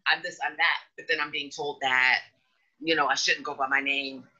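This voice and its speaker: A candid, animated woman hosts a casual podcast chat. Her voice is sharp-toned and husky. The recording is dull and lo-fi. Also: normal speed. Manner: candid, animated, slips into high mocking voices. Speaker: podcast host. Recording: dull lo-fi audio.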